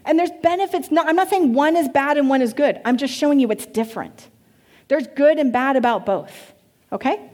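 A woman pastor teaching a church congregation in an animated way, asking the room questions. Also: sits high, brisk.

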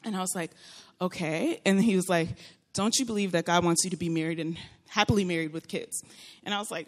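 A young woman telling a personal story in a casual, animated way, laughing often and acting out what people said. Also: fairly low pitch, quick pace. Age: young adult. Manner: animated, laughing often, acts out quoted voices.

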